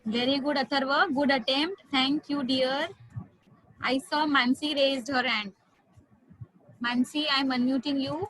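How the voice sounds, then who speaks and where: A woman's voice: high voice, steady tone, unhurried, fairly bright tone, a little hiss or hum, low-quality recording. A woman teaching an online class, patiently repeating drills and coaxing her students.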